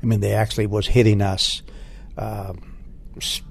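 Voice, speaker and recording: An older veteran speaks in a low, gravelly voice, stopping and restarting his sentences as he remembers. A faint noise sits under the recording. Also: level tone. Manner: halting, many restarts, emotional at times. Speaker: Marine Corps veteran interviewee. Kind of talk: oral history interview.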